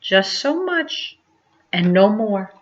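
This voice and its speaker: A woman voicing a calm, mysterious grown man who keeps fish, speaking slowly and with a gentle warning. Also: mid-range voice, lo-fi sound. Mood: gently warning.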